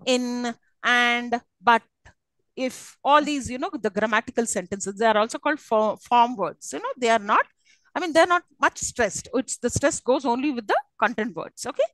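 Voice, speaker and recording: A woman's voice: on the high side, expressive, a little fast, dry recording, rough recording. A woman giving a university English lecture, often checking that her students follow. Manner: teacherly, checks understanding often. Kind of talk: classroom lecture.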